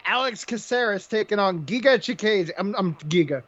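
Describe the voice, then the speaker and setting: High-voiced man joking through fight picks. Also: bright, forceful tone, dull audio. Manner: joking, laughs often, quick banter. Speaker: podcast co-host. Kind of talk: casual chat about fight picks.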